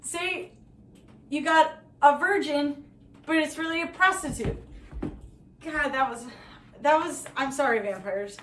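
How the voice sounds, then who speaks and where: A woman's voice: high-pitched, unhurried, pauses often, a bit bright, slight background noise. A woman doing a live stand-up set of corny one-liners with apologetic asides while she hula hoops. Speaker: stand-up comic. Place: live comedy telethon venue. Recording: echoey room, voice from far off the mic.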